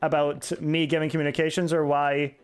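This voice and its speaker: A man's voice: on the high side, flat delivery, brisk, clear, resonant tone. A young man streaming a game, chatting casually and answering chat with sarcasm and swearing. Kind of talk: casual live-stream chat while gaming.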